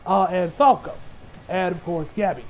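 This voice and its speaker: A man's voice: high-pitched, normal speed, a little mellow, soft background music, rough recording. A man recapping an anime episode as a reviewer, in a loose, rambling way that swears freely and acts out the lines of the characters.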